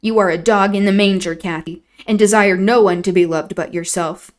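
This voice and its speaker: A woman's voice: medium pitch, fairly even intonation, moderate pace, close to an everyday voice. A woman doing a tearful, infatuated young girl. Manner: pleading, wounded.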